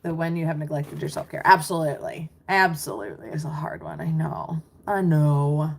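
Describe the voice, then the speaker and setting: A woman's voice: low-pitched, animated, fairly quick, gravelly, slight background noise. A middle-aged American woman coaching live on a stream, chatty and reassuring as she reads questions and replies to the chat. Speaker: mindset business coach. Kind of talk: livestream coaching talk.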